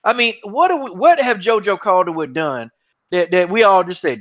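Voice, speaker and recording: A man's voice: sits high, lively intonation, normal speed. A man hosting an MMA podcast who talks in a heated, mocking way, repeating himself and swearing freely. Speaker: podcast host. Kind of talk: heated casual MMA chat. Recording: dull, lo-fi podcast audio.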